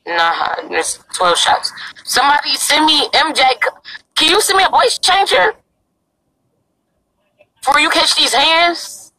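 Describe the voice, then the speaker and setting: A young woman livestreams on her phone outdoors in a parking lot, chatting casually in a brash, crude and pleading way. Her voice sits high, bright and forceful, in a low-quality recording.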